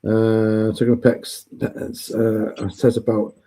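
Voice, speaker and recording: A man's voice: on the low side, monotone, takes it slowly, mellow, slight background noise, rough recording. A man chatting on a retro gaming live stream, laughing often and jumping in with asides. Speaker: moderator. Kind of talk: casual chat.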